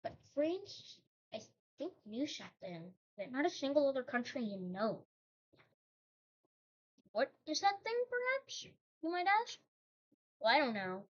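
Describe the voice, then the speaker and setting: A woman's high, sing-song voice moves at a measured pace with frequent pauses as she hosts her channel. She tells an invented history story in a rambling, casual style with joking digressions, heard through a dull lo-fi recording.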